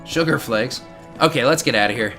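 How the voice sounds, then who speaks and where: A man's voice: medium pitch, a little fast, sharp tone, soft background music. A man giving casual, rambling gameplay commentary, amused and talking straight to his viewers. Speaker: let's play commentator.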